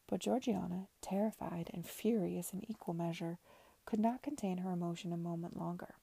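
A woman reading a novel aloud in a soft, half-whispered narration. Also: lowish voice, normal speed, creaky, husky, no room sound. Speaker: reader.

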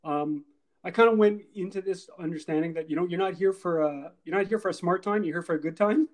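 A middle-aged man riffs on movies in a casual co-host chat, animated and full of asides. His voice is fairly high for a man, and he talks in rapid bursts. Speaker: podcast co-host.

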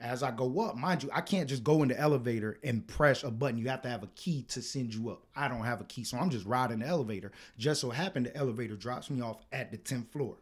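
A man co-hosting a podcast, telling a work story in casual, profane chat that turns loud and heated. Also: mid-range voice, quick pace, few pauses, breathy edge. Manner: animated, profane, gets loud and heated retelling arguments. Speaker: podcast co-host.

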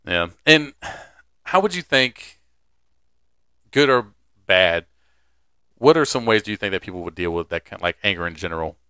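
A man's voice: low voice, expressive, normal speed, long pauses, bright, forceful tone, clear, resonant tone, no room sound, clean studio sound. A young man co-hosting a podcast, chatting casually, joking crudely and laughing often. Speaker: podcast co-host. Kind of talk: casual chat.

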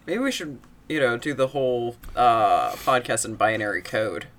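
A woman co-hosting a podcast in casual chat, playful and quick to laugh. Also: extremely low pitch, animated, a bit bright. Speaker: podcast co-host.

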